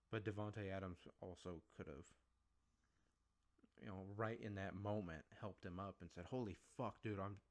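Podcast host, male, low voice, blunt profane ranter. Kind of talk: solo podcast commentary.

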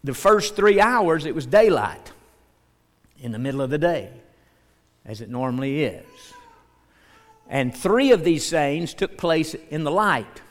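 A man's voice: fairly high pitch, big pitch swings, measured pace, long pauses. A man preaching a sermon as pastor, speaking earnestly and reading scripture aloud. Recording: long hall reverb.

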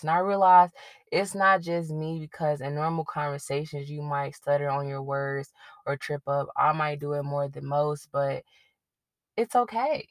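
Low-voiced woman hosting a podcast. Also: unhurried, dry recording. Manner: conversational, rambling, admits getting tongue-tied. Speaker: podcast host. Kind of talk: casual solo podcast commentary.

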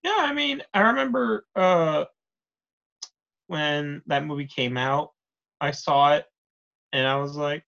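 A man's voice: a little high, slow, vocal fry, long pauses, pushed and bright, lo-fi sound. A young man co-hosting a casual chat, joking and swearing freely. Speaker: podcast co-host.

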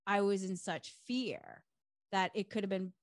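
A middle-aged woman co-hosting a podcast, recounting a personal story in casual, animated fashion with many fillers. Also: mid-range voice, measured pace, no room sound. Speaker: podcast co-host.

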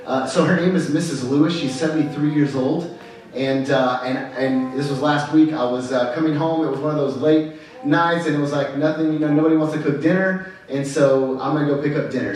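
A man's voice: on the high side, darkish tone. A male pastor telling a story in a casual, conversational sermon, full of fillers and restarts. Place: church sanctuary. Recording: echoey hall, mic far off.

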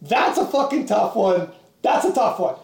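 A powerlifting coach in casual podcast chat who laughs often, swears freely and acts out stories in animated voices. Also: mid-range voice, normal speed, creaky, roomy sound.

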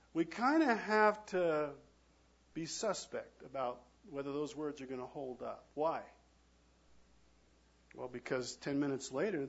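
A male pastor with a slightly husky, somewhat high voice delivers a sermon. He leans hard into some words and then drops almost to a whisper on others. The recording sounds a little muffled and lo-fi. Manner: preaching with dramatic swings from loud emphasis to hushed near-whispers.

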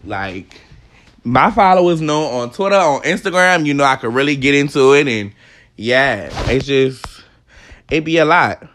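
A man's voice: mid-range voice, expressive, a little slow, fairly bright tone. Heated, swearing man ranting. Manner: emphatic, profane, ranting. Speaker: podcast host. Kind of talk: heated opinion monologue.

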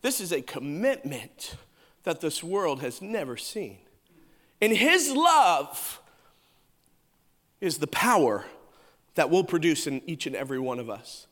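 Emphatic, joking male pastor with a high voice, booming in a reverberant church hall. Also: sing-song, unhurried, long pauses, fairly bright tone. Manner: emphatic, humorous preaching. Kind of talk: sermon.

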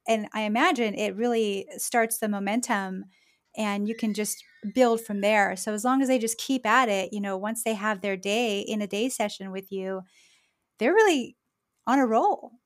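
A woman's voice: mid-range voice, clear, resonant tone. A woman hosts a business podcast and speaks in a mid-range voice. She backs up her guest's points and wraps up the chat politely. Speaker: podcast host. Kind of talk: casual interview talk.

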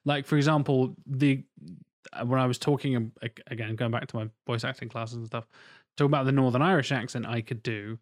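A man at a middle pitch chats in a loose, rambling way about accents and voice work, often breaking off and restarting. His voice is recorded close and dry, with no room sound. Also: steady tone, a little fast, no room sound. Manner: rambling, with restarts and sudden put-on accent bursts. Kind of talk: casual chat about accents and voice acting.

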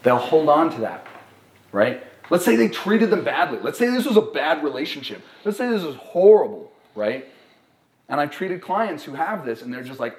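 A young man speaks in a casual live podcast chat and tells a personal story with animated energy. He keeps checking in with his listeners as he goes, and his voice rings in a roomy, echoing space. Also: fairly high pitch, moderate pace. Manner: animated storytelling, many "right?" tags. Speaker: therapist and podcast co-host. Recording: roomy echo.

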